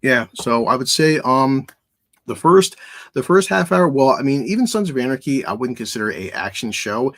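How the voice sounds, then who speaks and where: A man's voice: medium pitch, big pitch swings, moderate pace, a bit bright. A man hosting a casual movie review podcast, rambling with frequent restarts. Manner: rambling, many restarts and fillers. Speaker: podcast host.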